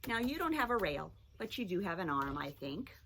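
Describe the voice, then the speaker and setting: A woman teaching a children's phonics lesson, talking in a slow, sing-song, encouraging way. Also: fairly low pitch, sing-song, noisy background.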